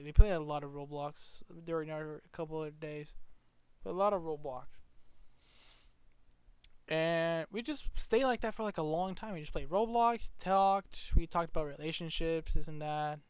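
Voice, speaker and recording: Smooth-voiced man rambling through a story. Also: on the high side, expressive, darkish tone, dry recording. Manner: rambling, halting restarts, swears freely. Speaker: vlogger. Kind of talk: casual storytelling.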